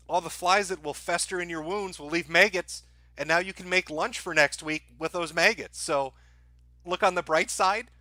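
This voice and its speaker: A man's voice: high-pitched, bright, forceful tone, no echo, clean studio sound. A man hosting a live stream, ranting sarcastically and profanely to his chat, often breaking into laughter.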